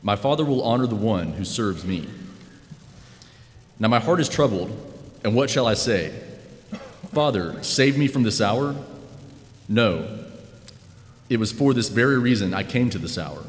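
Brief: male reader, lowish voice, measured scripture reading, long hall reverb. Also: animated.

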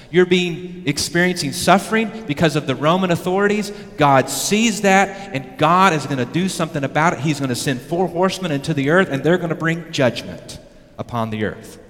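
Man preaching in a reverberant hall. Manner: emphatic preaching, rising to loud peaks and dropping low. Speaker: pastor. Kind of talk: sermon. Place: church sanctuary. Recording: long reverb of a church hall.

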